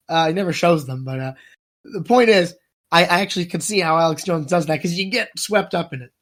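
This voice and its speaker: A man's voice: on the high side, moderate pace, a bit bright. Fired-up man ranting on a podcast. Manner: ranting, swears a lot, stammers when angry. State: worked up, spitting mad. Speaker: podcast co-host. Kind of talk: heated political podcast rant.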